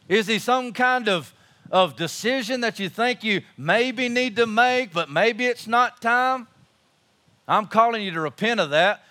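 High-voiced impassioned male preacher. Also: pushed and bright. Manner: impassioned, emphatic preaching with repeated phrases. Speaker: pastor. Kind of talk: sermon.

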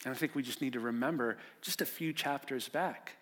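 A male preacher, delivering a sermon as a vivid story that swings from loud and urgent to hushed. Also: medium pitch, fairly quick, hardly any pauses.

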